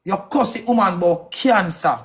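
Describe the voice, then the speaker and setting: A man's voice: high voice, fairly bright tone. A man with a Jamaican accent delivering a heated, accusing rant on a live stream, firing off questions. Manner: angry, accusing, rapid-fire questions.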